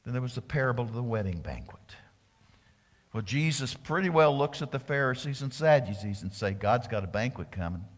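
Animated male preacher in a reverberant hall. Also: medium pitch, brisk. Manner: animated preaching, acts out voices of crowds and priests. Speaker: pastor. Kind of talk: sermon.

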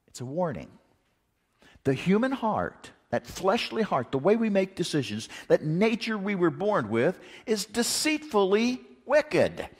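A man preaching a sermon in a folksy, joking, animated way, mixing stories with scripture. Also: high-pitched, normal speed. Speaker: pastor. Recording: long hall reverb.

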